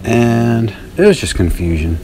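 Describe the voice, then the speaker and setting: A man's voice: medium pitch, big pitch swings, a little slow, warm tone, slight background noise. A man hosting his own radio show, telling a story in a rambling, profane, self-mocking monologue.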